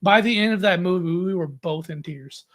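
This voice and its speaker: High-voiced man, dry and relaxed. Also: moderate pace. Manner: relaxed, brief replies and dry jokes. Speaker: podcast co-host. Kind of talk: casual chat.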